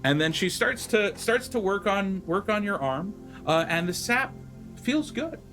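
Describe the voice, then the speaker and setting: A man narrating as game master, rambling with halting restarts. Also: high voice, animated, fairly bright tone, faint music behind.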